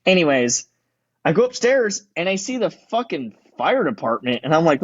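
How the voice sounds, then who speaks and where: A man's voice: fairly high pitch, very animated, moderate pace, slightly rough, no echo, lo-fi sound. A man who is a firefighter and EMT, a podcast guest telling rowdy, profane stories in casual chat and acting out what people said. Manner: profane, rowdy storytelling with acted-out quotes.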